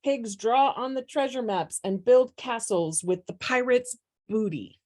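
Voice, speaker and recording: An older woman voicing a gruff, bossy old male pirate captain who growls and speaks loudly. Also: on the high side, unhurried, voice pushed up. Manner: growling, loud.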